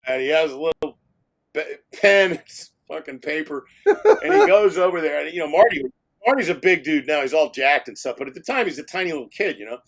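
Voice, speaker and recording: A man's voice: on the high side, big pitch swings, a little fast, gravelly. A man around sixty, a film director telling anecdotes in a casual interview, laughing often and swearing freely.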